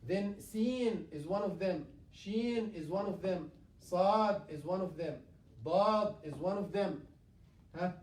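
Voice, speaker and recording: High-voiced imam, echoey and distant. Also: male voice, a little mellow. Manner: halting, many fillers, repeats and recites examples. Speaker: imam teaching Quran recitation. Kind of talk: classroom tajweed lesson. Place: mosque classroom. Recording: echoey room, mic far off.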